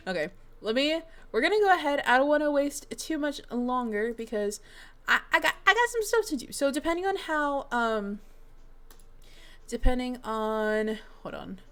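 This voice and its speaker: A young woman chatting casually with her stream chat, bubbly and excitable, giggling often with lots of fillers. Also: high-pitched, moderate pace. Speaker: streamer reading fanfiction to chat. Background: faint music.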